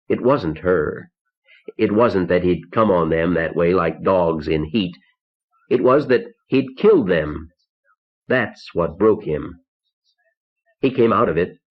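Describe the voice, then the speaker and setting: Deep-voiced man narrating a somber tale. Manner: measured, somber storytelling. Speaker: audiobook narrator. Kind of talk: first-person audiobook narration. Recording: dull lo-fi cassette tape.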